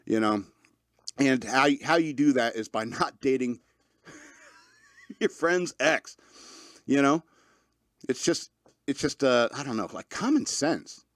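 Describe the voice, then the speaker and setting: A man in his thirties rambles through a casual podcast monologue. He jokes and laughs often and fills his talk with fillers. His voice sits at a middle pitch and is recorded dry and close. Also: dry recording. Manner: loose, joking, laughs often, many fillers. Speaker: podcast host.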